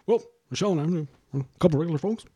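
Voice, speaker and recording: A man's voice: fairly high pitch, expressive, very fast, warm tone, voice pushed up, lightly acted. A man doing a playful impression of a folksy, laid-back male politician.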